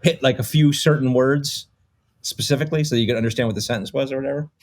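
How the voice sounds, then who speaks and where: A man's voice: mid-range voice, fast. A middle-aged man as a podcast guest, swearing casually and rambling through stories with lots of fillers. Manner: rambling storytelling, many fillers. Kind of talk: casual conversation.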